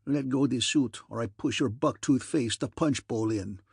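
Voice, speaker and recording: A man doing a gruff swaggering con man in thick accent. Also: medium pitch, moderate pace, darkish tone, dry recording, clean studio sound. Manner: growling, thick put-on accent.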